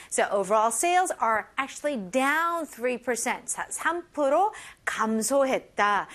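A woman's voice: high-pitched, a bit bright. A young woman teaching an English lesson, explaining phrases and switching between English and Korean. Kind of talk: bilingual language lesson.

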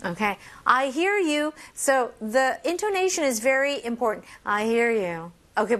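A young woman teaching English phrases and switching between two languages, modeling each phrase slowly and clearly in a cheerful way. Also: fairly high pitch, expressive, a bit bright. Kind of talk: bilingual English lesson.

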